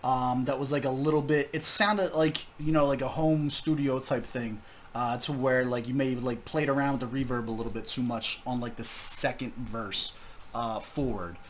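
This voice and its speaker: A man's voice: mid-range voice, fairly even intonation, moderate pace, slight background noise. A young man hosting a casual music review, candid, profane and enthusiastic. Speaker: music reaction host. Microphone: desk microphone.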